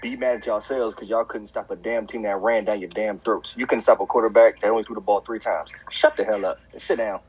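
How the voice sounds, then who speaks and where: A man's voice: fairly low pitch, fairly even intonation, a little fast, few pauses, slightly rough, highs cut off. A man on a casual sports podcast, ranting bluntly and scolding.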